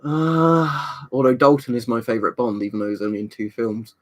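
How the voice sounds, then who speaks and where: Young man, casual stream chat, rambling, swears offhand, mid pitch. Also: flat delivery, brisk.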